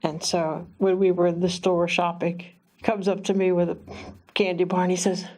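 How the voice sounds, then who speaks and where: A woman minister telling a personal story in a halting, chatty way, often laughing and animating her quotes. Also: on the low side. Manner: lively quoted voices.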